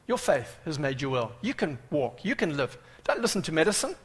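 Animated male preacher in a reverberant hall. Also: fairly high pitch, fairly quick, breathy edge. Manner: animated, dramatic preaching, swings from loud cries to hushed asides. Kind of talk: sermon.

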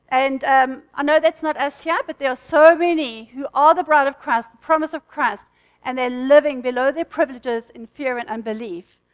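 A woman teaching a church group in an informal, fast-talking sermon, chatting with the listeners and laughing between points. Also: sits high, a bit bright. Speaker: church speaker.

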